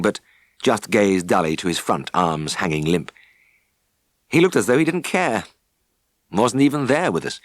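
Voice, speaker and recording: A man reading an audiobook in a measured storytelling manner. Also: sits low, very animated, dry recording. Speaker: audiobook narrator. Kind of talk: audiobook narration. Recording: dry studio sound.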